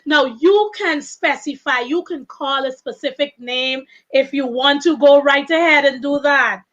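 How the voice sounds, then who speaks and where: A woman's voice: high voice, measured pace, fairly bright tone, highs cut off. A woman hosting a live stream, coaxing the viewers to write in the chat. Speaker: host.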